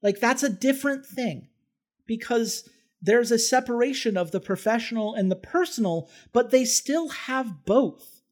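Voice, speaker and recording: A man's voice: very high voice, animated, a little slow. A man co-hosting a film podcast, chatting casually and enthusiastically, rambling with restarts. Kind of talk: casual film review chat.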